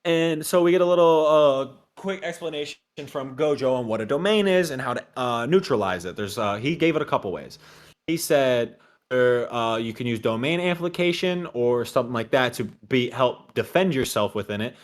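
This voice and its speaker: A man co-hosting a casual recap show, talking animatedly and acting out character lines. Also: normal speed. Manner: animated, acts out character lines in a high shouting voice. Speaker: podcast co-host.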